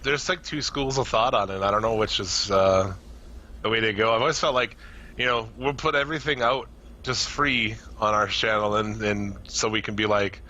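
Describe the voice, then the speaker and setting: A man co-hosting a podcast in casual chat, loose and profane, laughing often, his voice going hoarse. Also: lowish voice, fairly even intonation, normal speed, bright, forceful tone, dull audio, a little hiss or hum. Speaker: podcast co-host.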